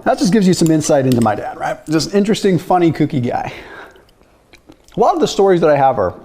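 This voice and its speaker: A man's voice: fairly high pitch, sing-song, quick pace, warm tone. A man hosting a nutrition video who talks in a loose, chatty way, telling a story and then explaining diet science. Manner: chatty, loose, with frequent "like" and "right?".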